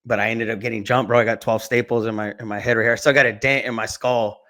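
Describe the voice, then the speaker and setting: Man, guest on a talk podcast, slangy and relaxed, mid-pitched voice. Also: quick pace. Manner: laid-back, slangy, animated when acting out quotes. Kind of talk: casual storytelling.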